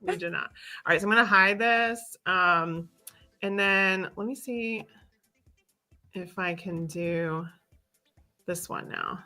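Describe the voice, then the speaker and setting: A woman's voice: mid-range voice, slow pace, pauses often, pushed and bright, soft background music. A woman hosting a livestream in casual chat, chatty and self-deprecating, laughing often. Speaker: livestream host.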